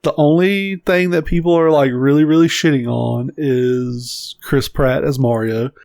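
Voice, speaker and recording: A man's voice: mid-range voice, a little slow, creaky, no room sound, clean studio sound. A man co-hosting a casual podcast, ranting in an opinionated way and swearing freely. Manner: opinionated, profane, animated rants. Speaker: podcast co-host. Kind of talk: casual chat.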